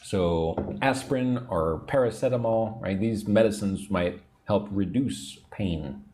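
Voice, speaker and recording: A man hosting an English lesson livestream, explaining words slowly, drilling pronunciation and reading viewer comments aloud. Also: fairly low pitch, dark tone. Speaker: English teacher. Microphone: own microphone at a computer.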